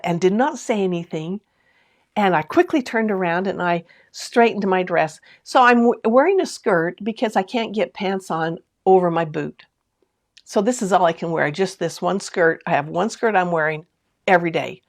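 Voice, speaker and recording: A woman's voice: lowish voice, normal speed. A woman hosting a sewing live stream from home, chatting to viewers, reading out their comments and laughing often as she tells a story. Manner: talks straight to viewers with lots of asides and questions. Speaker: sewing channel host.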